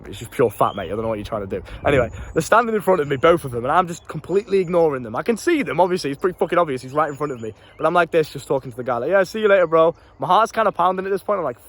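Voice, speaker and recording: A young British man telling a story in a casual, animated way, laughing often and swearing freely. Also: on the high side, fast. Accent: British English. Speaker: self-improvement YouTuber.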